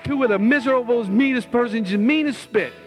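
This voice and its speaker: Man, high voice, middle-aged, testimony sermon, impassioned storytelling. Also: brisk, soft background music, a faint crowd. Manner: impassioned storytelling, rising loud when reliving scenes. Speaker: former addict giving testimony.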